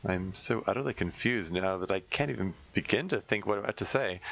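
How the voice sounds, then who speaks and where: A man reading a visual novel aloud as a let's play narrator, in steady first-person narration with small stumbles. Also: fairly low pitch, a little fast, gravelly, few pauses, highs cut off.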